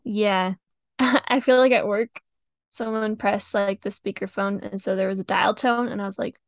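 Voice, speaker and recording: A young woman co-hosting a podcast, chatty and quick to laugh. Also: mid-range voice, steady tone, no echo. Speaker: podcast co-host. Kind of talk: casual chat.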